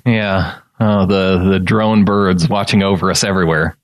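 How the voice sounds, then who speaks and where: A man's voice: deep voice, flat delivery, moderate pace, no echo, clean studio sound. A man co-hosting a sports podcast in casual chat, joking and laughing often, acting out quoted lines. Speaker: podcast co-host.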